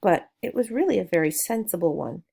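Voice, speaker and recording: Gravelly woman reading a storybook. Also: lowish voice, expressive, a little fast. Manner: gentle storytelling with small asides to the listener. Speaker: narrator. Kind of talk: reading a children's novel aloud.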